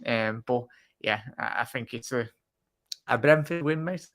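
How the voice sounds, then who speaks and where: A man's voice: medium pitch, measured pace, a bit bright. A man as a guest on a football show, blunt and opinionated in casual chat. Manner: blunt, opinionated, says mate a lot.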